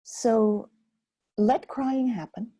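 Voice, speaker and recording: Gentle husky older woman teaching. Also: a little high, no room sound, studio quality. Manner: gentle, unhurried, reflective. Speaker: webinar host and focusing teacher. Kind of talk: live webinar, answering chat questions.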